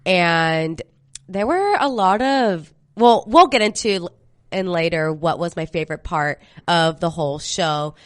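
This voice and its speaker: A woman's voice: fairly low pitch, expressive, unhurried, no echo, studio quality. A young woman co-hosting a casual movie podcast, a little congested from a cold, chatty with fillers and restarts. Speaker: podcast co-host.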